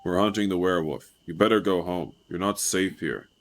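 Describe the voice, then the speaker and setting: A stern adult male orc hunter, put on by a man reading a game aloud, speaks in a lowered, gruff tone. His warnings come out blunt and flat, with no softness in them. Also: a little fast.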